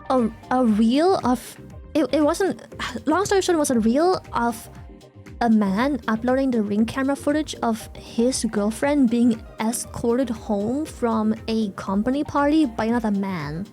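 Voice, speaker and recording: A woman's voice: on the high side, darkish tone. A young woman streamer chatting casually with her viewers, ranting animatedly, swearing freely and reacting to chat.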